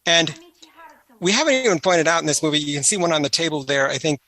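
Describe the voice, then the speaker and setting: A man's voice: fairly high pitch, expressive, fast talker, pushed and bright. A man giving a casual, chatty film commentary, full of anecdotes and trivia.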